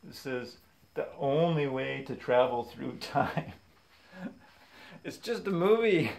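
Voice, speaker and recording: A young man casually telling funny stories from his childhood, animated and quick to laugh. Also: mid-range voice, creaky. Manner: animated, acts out voices in quotes, laughs often. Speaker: vlogger. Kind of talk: casual storytelling.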